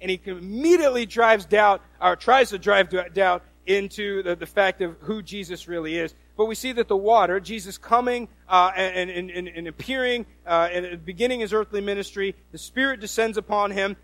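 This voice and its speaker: A man preaching a sermon as a pastor, folksy and animated, with many restarts. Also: high voice, no echo.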